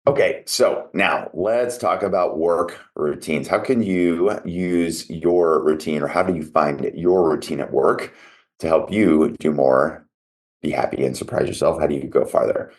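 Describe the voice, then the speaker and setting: Podcast host, male, middle-aged, extremely low voice, casual coaching monologue. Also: measured pace, darkish tone. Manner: conversational, self-coaching tone with asides.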